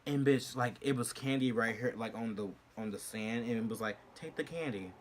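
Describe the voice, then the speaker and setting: A young man telling a storytime vlog in an animated, profane way, swinging from shrieks to low murmurs. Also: fairly quick, noisy background. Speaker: vlogger.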